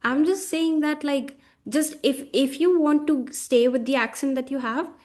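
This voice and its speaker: A woman with an Indian English accent speaks as a guest on a chat show, with a voice pitched a bit high. She is frank and opinionated and picks up speed when she drives a point home. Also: measured pace, a little mellow. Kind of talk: casual conversation.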